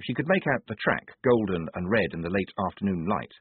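A man narrating a novel in expressive storytelling style. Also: sits low, brisk, husky, no echo. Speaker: audiobook narrator. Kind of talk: scripted narration. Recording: tinny phone-like sound, dry.

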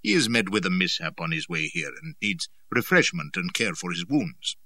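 A man voicing a stout, genial chieftain who speaks mildly and politely, with quiet menace beneath. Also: low-pitched, big pitch swings, moderate pace, dry recording, distant mic, heavily acted. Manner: mild, smooth, polite, cheerfully ironic.

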